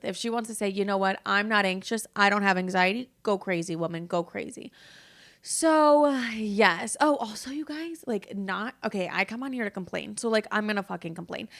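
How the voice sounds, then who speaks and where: A young woman hosting her own podcast in casual solo chat, tired, talking fast and swearing freely as she acts out the people she quotes. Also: medium pitch, gravelly. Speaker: podcast host.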